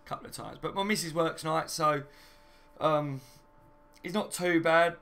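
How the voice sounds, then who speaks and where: A man's voice: on the high side, moderate pace, creaky, sharp tone, clean tone. A young man hosting a casual live stream from home, reading viewer comments and laughing often. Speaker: fan channel host.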